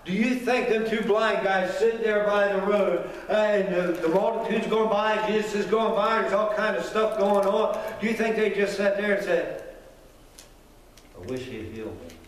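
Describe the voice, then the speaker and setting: Male preacher, high voice, fervent, repetitive, distant mic, long hall reverb. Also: level tone, moderate pace, few pauses, slight background noise. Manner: fervent, repetitive, builds with rhetorical questions. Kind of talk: sermon. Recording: echoey hall, mic from far off.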